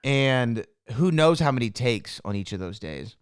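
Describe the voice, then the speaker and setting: A man's voice: medium pitch, a little slow, smooth, dry recording, studio quality. A man with a Southern American accent, co-hosting a podcast in a casual, chatty way. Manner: relaxed, chatty, frequent fillers. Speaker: podcast co-host. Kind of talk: casual chat.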